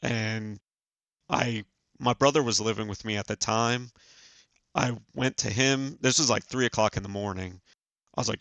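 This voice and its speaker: A man in his forties, a podcast guest, telling a personal story in an earnest, halting way with many fillers. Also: fairly low pitch, fairly even intonation, gravelly, pushed and bright, no echo. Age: 40s. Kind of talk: casual storytelling.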